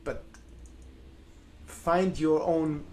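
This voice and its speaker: Man, middle-aged, cellist, live Q&A, slightly high voice, candid, self-mocking. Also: very slow, dark tone, a little hiss or hum. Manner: candid, self-deprecating, blunt. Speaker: cellist answering viewer questions. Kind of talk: live online Q&A.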